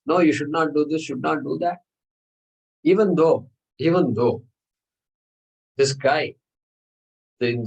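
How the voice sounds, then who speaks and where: A man's voice: a little high, slightly rough, rough recording. Man teaching a scripture class. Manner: explanatory, repetitive phrasing with Sanskrit terms.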